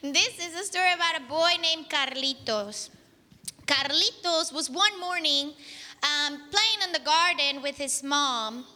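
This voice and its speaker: A woman with a high, bright, very lively voice tells a story to children in an animated, engaging way, often turning to ask them questions. She is recorded in a church hall with a long echo. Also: unhurried.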